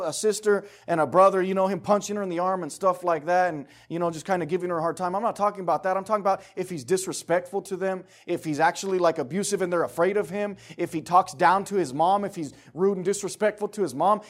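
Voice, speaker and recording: A man's voice: high-pitched, quick pace, few pauses. A middle-aged man preaching a casual sermon, talking conversationally and emphatically and acting out the voices he quotes.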